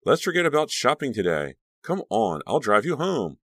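A man's voice: medium pitch, very animated, moderate pace, a bit bright, no echo, studio quality, voice pushed up. A man voicing a caring, worried teenage girl in an audiobook, speaking in a raised, anxious register. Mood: soothing.

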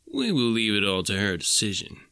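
A man's voice: on the low side, wildly swooping pitch, fairly quick, sharp tone, clean tone, dry recording, studio quality, exaggerated voice. A man voicing a sanctimonious young male suitor with a nasal, preachy, smirking way of talking.

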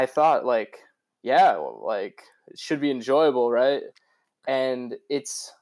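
A man's voice: medium pitch, darkish tone. A young man co-hosting a podcast, rambling through casual chat with lots of fillers, restarts and laughs. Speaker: podcast co-host.

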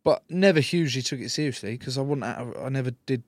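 A man's voice: medium pitch, animated, quick pace, darkish tone, no room sound. A young man, a rugby player chatting in an interview, telling jokey stories with swearing. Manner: jokey storyteller, swears, acts out quotes. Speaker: professional rugby player, guest. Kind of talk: casual interview chat.

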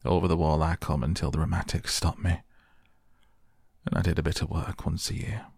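A man reads as a blunt old gardener with a dry, gruff manner. The voice sits very low and gravelly, with a husky edge, in a dry, close sound. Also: steady tone, moderate pace, a little mellow, dry recording, full character voice.

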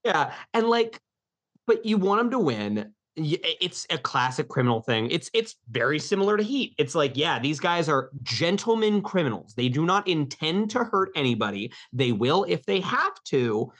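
A man's voice: a little high, big pitch swings, moderate pace, a bit bright. A man co-hosting a casual film podcast, talking in an easygoing, rambling way with casual swearing. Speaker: podcast co-host.

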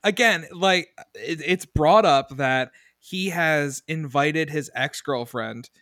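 A young man co-hosting a podcast in casual chat, animated and exasperated, swearing freely. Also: fairly high pitch, slow, no echo, clean studio sound. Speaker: podcast co-host.

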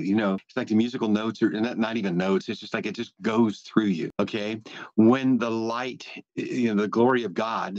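A man's voice: fairly low pitch, no echo. A man guest on a podcast interview, telling his story earnestly and with animation, often restarting his sentences. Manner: earnest and animated, with frequent restarts and "you know"s. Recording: dull, lo-fi, dry sound.

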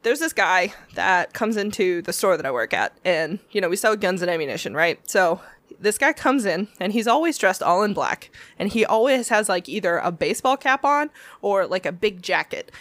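A woman chatting on a podcast, spinning long rambling anecdotes with a laugh and slipping into other people's voices as she retells them. Her voice sits at an ordinary middle pitch and comes across close and dry, with no room sound at all. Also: sing-song, moderate pace, a bit bright, no echo. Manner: rambling, laughing, acting out customers in her stories. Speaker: podcast co-host. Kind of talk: casual storytelling chat.

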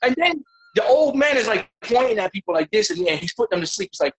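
High pitched dude on a podcast, cussing a lot, tripping over his words, all fired up. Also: quick pace, low-quality recording. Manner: profane, excitable, stammering restarts. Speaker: podcast guest. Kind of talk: casual podcast chat.

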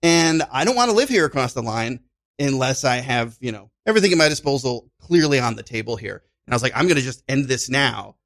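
A man's voice: medium pitch, sing-song, quick pace, a bit bright. A man from Chicago, a podcast guest, telling a story in casual chat and acting out voices and sounds as he goes.

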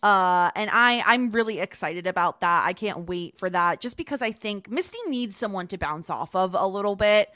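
A woman co-hosting a podcast, recapping a TV episode in casual chat with quick asides. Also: mid-range voice, pushed and bright, dry recording, clean studio sound. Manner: chatty, quick asides with laughs. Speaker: podcast co-host.

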